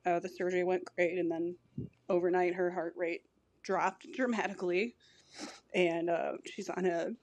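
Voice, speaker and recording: A young woman leaving a message for a podcast, speaking in a halting, hesitant and emotional way. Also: lowish voice, steady tone, a little mellow, no room sound. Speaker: listener calling in.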